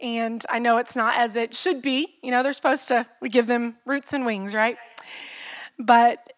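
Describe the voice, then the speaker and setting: A woman's voice: on the high side, steady tone, a little slow. A middle-aged woman pastor preaching a sermon in an earnest, personal way, telling stories and asking the listeners questions.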